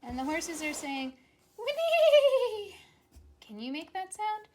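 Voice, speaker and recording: A woman teacher reading a picture book aloud to young children, gently coaxing them to repeat animal sounds. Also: high voice, expressive, moderate pace, slight background noise.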